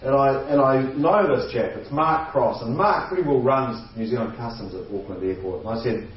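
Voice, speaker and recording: A man tells a funny anecdote with a lively delivery, slipping into other people's voices and chuckling along the way. He sounds set back from the mic in a very echoey space, and the sound is a little dull. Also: medium pitch, normal speed, distant mic, a little hiss or hum. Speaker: guest storyteller. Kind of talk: comedic anecdote.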